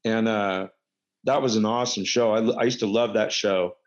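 A man's voice: fairly low pitch, steady tone, normal speed. A middle-aged man and former pro wrestler telling stories casually, rambling with lots of fillers and self-corrections. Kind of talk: casual anecdotal storytelling. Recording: dull lo-fi recording.

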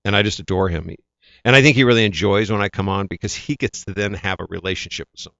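Gravelly animated male storyteller. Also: on the low side, fast talker, no room sound, dull audio. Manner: animated anecdotes, acts out quoted voices. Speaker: actor, guest. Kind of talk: casual interview storytelling.

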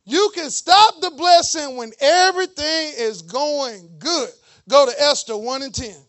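A man preaching a lively sermon in church, with joking, mocking asides to the congregation. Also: very high-pitched, measured pace. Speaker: pastor.

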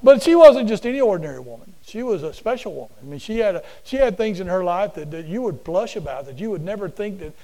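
A man preaching a sermon to a class in a folksy, animated storytelling way, often repeating himself. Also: high-pitched, quick pace, few pauses, rough recording. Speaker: preacher and teacher.

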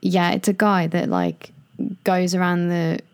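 A woman's voice: fairly low pitch, steady tone, unhurried, clean tone. A young woman with a British English accent, chatting playfully and casually in a podcast conversation, often trying out phrases. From Britain.

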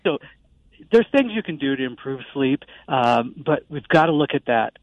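A man who is the guest doctor on a call-in radio show, explaining calmly with many uh fillers over a phone line. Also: medium pitch, normal speed, dry recording. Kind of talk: expert interview on a call-in show.

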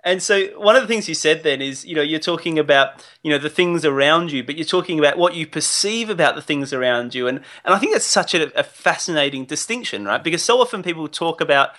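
Guy hosting an interview, kinda high bright voice, laughs a lot, checks in with the guest. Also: animated, fast talker, hardly any pauses. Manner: enthusiastic, laughs often, rephrases and checks in. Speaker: podcast host. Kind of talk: conversational interview.

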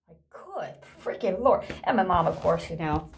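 A woman's voice: fairly low pitch, big pitch swings, normal speed, slightly rough. A woman talking casually to camera in a rambling, chatty way, laughing often and sometimes dropping to a whisper. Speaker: vlogger. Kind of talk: casual vlog chat.

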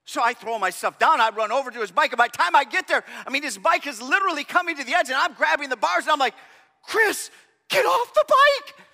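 A man with a very high, piercing voice delivers a sermon in a big hall with long reverb. He tells a story with animation, jumping from shouts to near-whispers. His tone is sharp and bright throughout. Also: very fast, creaky, hardly any pauses. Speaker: pastor.

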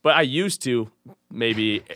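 A man's voice: mid-range voice, slow pace, a bit bright, no room sound, studio quality. A man from Chicago, a guest in casual chat, easygoing and full of slangy agreement. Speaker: guest, skateboard maker.

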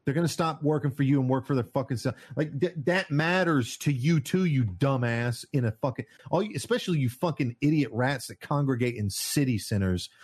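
A man's voice: mid-range voice, lively intonation, fairly quick, few pauses, a little mellow, husky. A man ranting in casual podcast chat, heated and profane. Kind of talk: casual political rant.

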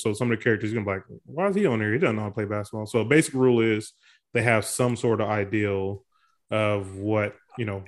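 A man with an Oklahoma accent hosting a podcast in casual chat, joking and explaining rules loosely with plenty of fillers. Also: lowish voice. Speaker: podcast host.

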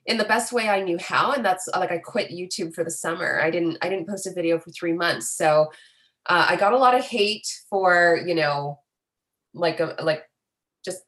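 A young woman from Canada, an influencer speaking candidly and earnestly in an interview, animated, with plenty of fillers. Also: on the low side. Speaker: guest, influencer.

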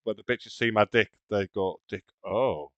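A man's voice: lowish voice, steady tone, moderate pace, fairly bright tone, no echo. A man co-hosting a podcast, cheeky and crude, chatting casually. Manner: crude, self-mocking, cheeky. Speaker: podcast co-host. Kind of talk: casual chat. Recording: dull, muffled mic.

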